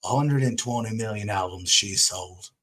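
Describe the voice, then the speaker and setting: A man doing a blunt, matter-of-fact English fellow with an attempted English accent, pitched noticeably lower than his own voice. He lays out his point plainly and bluntly, in a rough, casual impression. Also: normal speed, a bit bright. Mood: quizzing. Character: friendly English male author friend, blunt.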